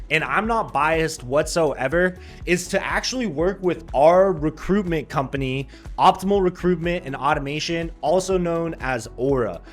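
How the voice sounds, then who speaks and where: A man hosting a sales-career video, pitching directly to viewers in an upbeat, salesy way with sarcastic asides. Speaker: sales recruiter and channel host.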